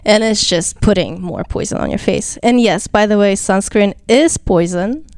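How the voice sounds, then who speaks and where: A woman's voice: medium pitch, moderate pace, a little mellow, dry recording, studio quality. A young woman with a slight non-native accent, explaining skincare casually as an interview guest, chatty and full of fillers. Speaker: esthetician guest.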